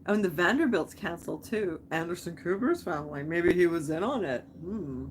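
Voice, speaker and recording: A woman's voice: lowish voice, lively intonation, fairly quick, a little hiss or hum. A young woman hosting a live stream, chatting casually, rambling off on tangents and answering viewer comments.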